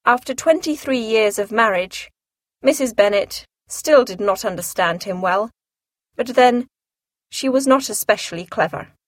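A woman reading a classic novel aloud as an audiobook narrator, in a measured, clear storytelling manner. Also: fairly high pitch, expressive, no room sound, studio quality.

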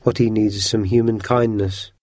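A man's voice: on the low side, level tone, normal speed, a little mellow, no room sound, clean studio sound, close to an everyday voice. A man reading the part of an earnest, cautious but kind-hearted man in a story.

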